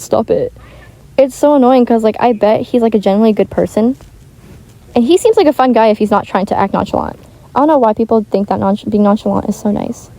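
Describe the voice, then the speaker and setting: A teenage girl talks in a loose, rambling chat, filling her sentences with "like" and stopping to restart them. Her voice is soft and warm, sitting in a middle register. She speaks through a home microphone that is not high-end. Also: poor audio. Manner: chatty, rambling, heavy use of "like". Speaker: gaming vlogger.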